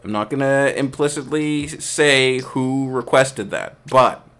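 A man casually hosting a game stream, reading chat aloud, trailing off and restarting, with bursts of excited play-by-play. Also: mid-range voice, slow, soft background music. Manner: excited play-by-play shouting during action. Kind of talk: casual live-stream commentary.

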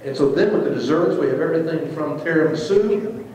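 Lively man in an echoey church hall. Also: fairly high pitch, brisk, crowd noise. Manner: lively, joking, animated teacher. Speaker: pastor leading a trip meeting. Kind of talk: informal talk to a church group. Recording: echoey hall, speaker far from mic.

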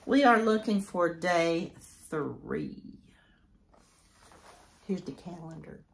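A woman's voice: fairly low pitch, expressive, slow, creaky. A woman in her sixties chatting casually to camera as a crochet vlogger, rambling and interrupting herself as she goes. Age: 60s.

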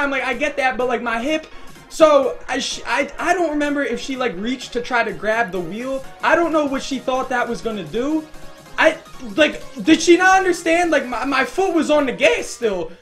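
A high-voiced young man spins a loose, rambling storytime while playing a game, slipping into loud, excited bursts as he acts out the moments. Faint game music plays under his voice throughout. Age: young adult. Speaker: gaming YouTuber. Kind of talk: casual storytime over gameplay.

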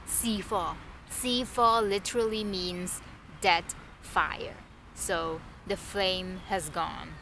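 A woman giving a casual language lesson, thinking aloud and repeating words slowly, with faint background noise. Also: fairly low pitch, steady tone, pushed and bright. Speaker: language teacher vlogger.

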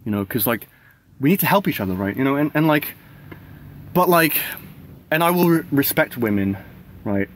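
A man in his thirties gives a loose, rambling monologue to camera, with filler words all through it. His voice sits at an ordinary middle pitch, and his talk is casual, with the occasional swear word. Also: expressive, normal speed, pauses often, slight background noise. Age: 30s. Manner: rambling, many "like" and "right?" fillers; swears casually, laughs between thoughts. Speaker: vlogger.

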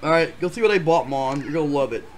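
A woman's voice: deep voice, expressive, quick pace, very noisy. A woman voicing a grown son who answers his ranting mother with sheepish, laughing replies during a life-sim game. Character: grown son, easygoing and teasing. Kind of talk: Sims let's-play character voicing.

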